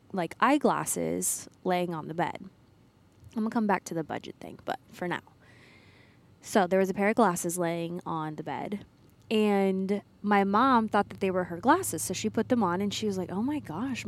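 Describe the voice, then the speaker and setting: A woman podcast co-host chatting casually on her own from a parked car, rambling and laughing at herself. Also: medium pitch. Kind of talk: casual solo chat.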